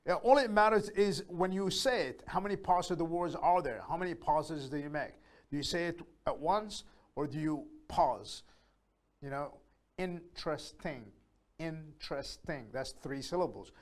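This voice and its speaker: A man teaching a beginner English lesson, patiently explaining step by step and slowly repeating each word aloud so learners can copy it. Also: on the high side. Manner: slow, repeats words aloud to model pronunciation.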